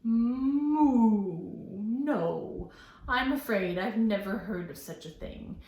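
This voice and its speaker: A woman's voice: mid-range voice, lively intonation, slow, reverberant, a little hiss or hum, poor audio. A woman reading a storybook aloud, voicing a polite but dismissive cow. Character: placid female cow chewing grass.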